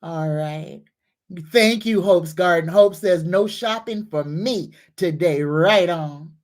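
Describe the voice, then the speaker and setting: A woman hosting a psychic livestream, greeting viewers, reading comments and leading affirmations. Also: lowish voice. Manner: greets viewers warmly, leads slow repeated affirmations.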